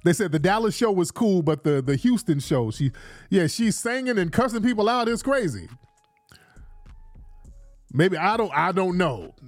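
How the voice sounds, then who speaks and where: A man's voice: high-pitched, big pitch swings, moderate pace, long pauses, no room sound. A man hosting a casual commentary vlog, rambling, repeating himself and laughing often. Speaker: vlog host.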